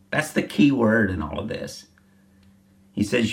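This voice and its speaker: Gravelly-voiced man preaching a sermon. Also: on the low side, animated, slow pace. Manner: earnest, repeats key phrases for emphasis. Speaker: pastor.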